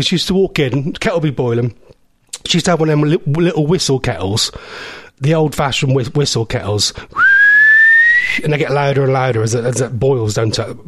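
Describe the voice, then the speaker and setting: A man's voice: mid-range voice, no room sound, studio quality. A man hosting a solo podcast from home, rambling and joking, often laughing. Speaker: podcast host. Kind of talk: solo comedic chat.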